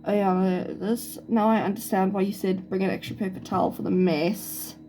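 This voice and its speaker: A woman's voice: medium pitch, steady tone, moderate pace, dark tone, a little hiss or hum, low-quality recording. A young woman with a South African accent, chatting and thinking aloud with little laughs as she narrates a science experiment at home. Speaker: student doing a science experiment. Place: home kitchen. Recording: kitchen clatter of dishes and cutlery audible.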